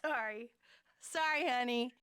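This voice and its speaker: A woman hosting a game stream who laughs off her own slip-ups. Her voice sits high and light. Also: a little slow, fairly bright tone, smooth. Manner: laughing, self-deprecating. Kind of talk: casual stream chat.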